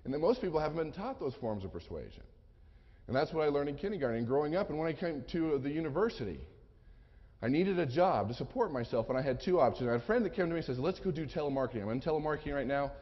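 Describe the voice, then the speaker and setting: A man's voice: a little high, very animated, quick pace. A man giving a seminar talk, telling humorous personal stories and acting out the dialogue. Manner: humorous anecdotal storytelling, acts out dialogue. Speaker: sales and persuasion speaker. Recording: muffled lo-fi recording in a reverberant hall.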